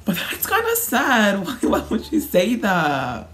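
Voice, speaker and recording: A woman hosting a casual reaction video, talking in an animated way and laughing often. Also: medium pitch, slow, slight background noise.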